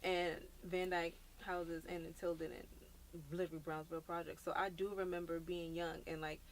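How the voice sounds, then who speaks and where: A woman's voice: lowish voice, level tone, normal speed, a little hiss or hum. A woman, hosting a podcast and telling stories bluntly in slangy, casual talk. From Brooklyn, New York. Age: 30s. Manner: blunt, slangy, storytelling with many "like" fillers.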